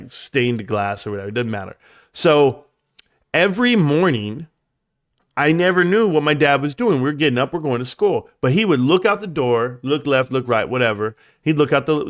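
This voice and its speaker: A man spins a long story on his livestream with a very lively pitch that leaps up whenever he acts out what someone said. He rambles and then drops into quiet low asides. The sound is close and dry, with no room echo. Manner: animated, jumps high in pitch when acting out quotes. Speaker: livestream host. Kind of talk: casual storytelling.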